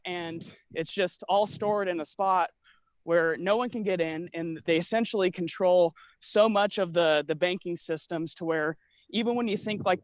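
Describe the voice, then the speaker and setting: A man's voice: high-pitched, no echo. Guy rambling on a call, kinda winded from walking, dry close sound. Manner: rambling, many fillers and restarts. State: out of breath from walking. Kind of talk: casual conspiracy chat.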